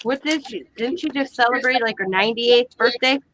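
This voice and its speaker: A middle-aged woman hosting a crafting live stream, chatting and telling stories in a lively, animated way. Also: a little high, fairly quick, a little hiss or hum, poor audio. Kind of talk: casual chat while crafting.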